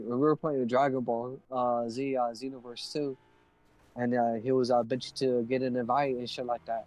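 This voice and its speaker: A man's voice: mid-range voice, level tone, moderate pace, a little mellow, dry recording, poor audio. A young man on a live stream, telling a heated story full of swearing and acting out both sides of an argument. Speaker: livestreamer.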